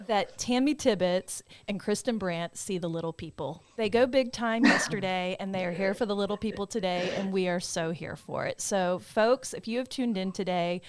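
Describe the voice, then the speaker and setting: A woman co-hosting a podcast in casual chat, gushing and enthusiastic as she talks in rushes. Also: medium pitch, darkish tone. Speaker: podcast co-host.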